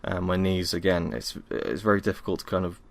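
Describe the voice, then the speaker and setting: A man's voice: low voice, a little fast, vocal fry, no echo. A young man from Wales, hosting a casual solo podcast at home, rambling and self-deprecating with many ums, tired after a workout. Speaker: podcast host.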